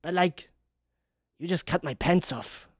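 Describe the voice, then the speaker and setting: A woman's voice: fairly low pitch, unhurried, darkish tone, breathy edge, no room sound, studio quality. A woman voicing a sheepish male chef and former womanizer who pleads and runs himself down in a tabletop game. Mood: pleading. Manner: pleading, self-deprecating.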